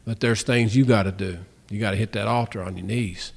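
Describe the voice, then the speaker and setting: A man's voice: on the low side, fairly even intonation, brisk, vocal fry. Man telling a faith testimony. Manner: storytelling, acts out both sides of dialogues. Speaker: Christian testimony speaker. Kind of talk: spoken testimony.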